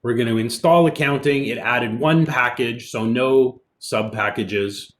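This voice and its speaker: A man, a college instructor, giving a relaxed online programming lecture, explaining as he goes with fillers, with keyboard typing in the background. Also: medium pitch, unhurried. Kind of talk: recorded online lecture with screen demo.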